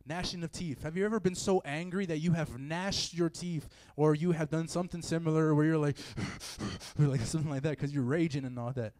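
A youth preacher delivers a casual sermon to a live audience in a meeting room, his voice a little high and darkish, captured in a dry recording. He talks fast with hardly any pauses and fairly even intonation, chatty and full of fillers, acting out the feelings he quotes.

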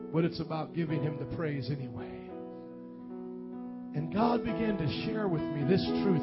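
A man preaching a sermon as pastor, building in intensity and acting out bits of dialogue. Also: high voice. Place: church sanctuary. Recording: dull lo-fi church recording with guitar music.

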